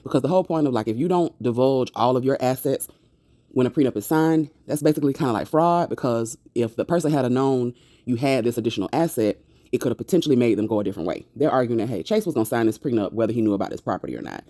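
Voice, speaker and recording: A woman talks through a TV episode in a loose, chatty way, dropping sassy slang along the way. Her voice sounds warm and mellow. It was recorded close up in a dry, dead room. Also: extremely low pitch, animated, fast talker, dry recording. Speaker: TV recap vlogger. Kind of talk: casual episode recap.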